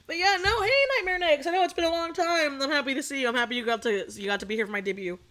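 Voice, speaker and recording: This young adult VTuber, streaming from her home, races through a story in a high-pitched voice. Her relaxed, animated rant is full of curse words and abrupt outbursts.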